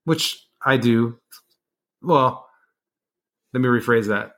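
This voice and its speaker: A man's voice: mid-range voice, takes it slowly, a bit bright. A man in his forties, a guest in a casual interview, answering in a plain, matter-of-fact way. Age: 40s.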